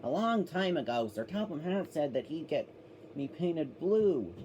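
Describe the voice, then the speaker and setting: A man's voice: on the high side, sing-song, unhurried, dark tone, highs cut off, a little hiss or hum. A man voicing a proud red male steam engine, doing an impression of a famous comedian's narration. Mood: wistful.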